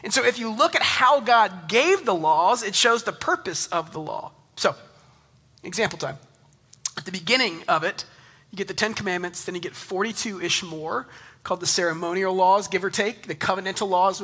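A man in his thirties preaching a sermon in an animated, conversational way, joking with the congregation. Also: high voice, breathy edge. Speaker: pastor. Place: church in Texas.

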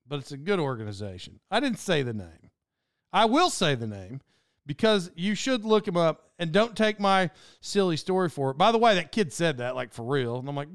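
Podcast host, male, high smooth voice, rambling and self-mocking, quick to laugh, dry close mic. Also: sing-song, no room sound. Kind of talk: casual storytelling monologue.

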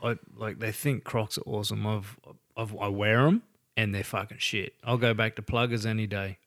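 A man's voice: fairly low pitch, fairly even intonation, normal speed, a bit bright. Crude joking man. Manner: crude, laughing banter. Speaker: podcast co-host. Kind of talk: casual chat.

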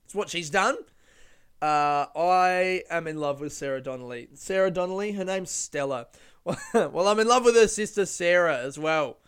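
A young man chatting solo for his podcast, rambling from one thought to the next and swearing as he goes. His voice sits a little high and sounds clean and smooth. The talk stays loose and offhand. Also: moderate pace. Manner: rambling, swearing, laughs at his own jokes. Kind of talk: casual solo chat.

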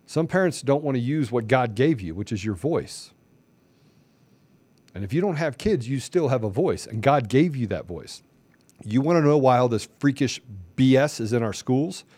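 A man's voice: medium pitch, lively intonation, moderate pace, breathy edge, dry recording. Fired-up preachy male podcaster. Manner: preachy, repetitive rhetorical questions, rising to near shouting. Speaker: podcast host. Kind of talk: impassioned podcast monologue.

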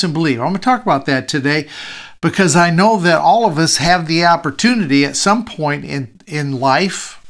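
Repetitive, higher-voiced male pastor. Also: fairly bright tone. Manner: repeats key phrases for emphasis, conversational. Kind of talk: sermon.

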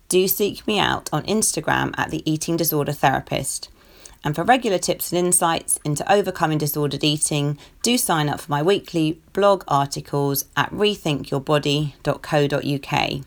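Woman, podcast host, low gravelly voice, gentle and sincere personal talk. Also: normal speed. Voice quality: croaky today. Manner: gentle, earnest, self-disclosing.

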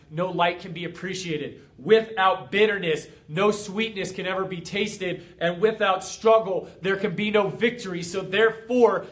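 A man with a notably high speaking voice delivers an energetic motivational talk. He speaks as a coach to his community, fired up and emphatic, and stacks repeated phrases one after another for effect.

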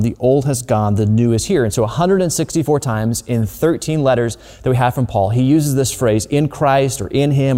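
A man's voice: medium pitch, mellow, in a large hall. A man preaching a sermon in a conversational way, often repeating words as he works through his point. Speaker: pastor.

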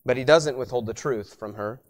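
Speaking a little fast, a man gives a sermon as a pastor, repeating words to build his argument. His voice climbs to loud, emphatic peaks, then falls into quiet low asides.

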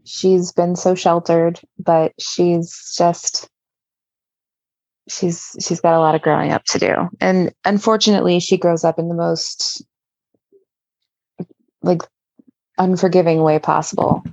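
Gravelly low-voiced woman guest, lo-fi. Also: fairly even intonation, measured pace, long pauses, a little mellow, dry recording. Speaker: podcast guest. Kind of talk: casual podcast chat.

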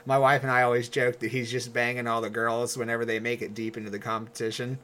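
An American man co-hosting a podcast, chatting casually and telling rambling, animated stories. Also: mid-range voice, quick pace, slight background noise. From United States. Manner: animated storyteller, rambling asides. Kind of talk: casual chat.

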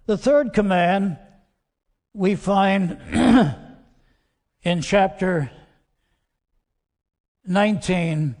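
A pastor with a high voice delivers his sermon at a slow, deliberate pace. He leans hard on some words and lets others fall to a hush. The church hall gives his voice a long, ringing reverb. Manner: slow, emphatic preaching that drops soft and quiet on key words. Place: church sanctuary.

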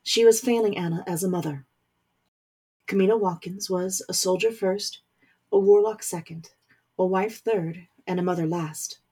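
A woman reading a story aloud as narrator, in measured scripted narration. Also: fairly low pitch, dark tone, slightly rough.

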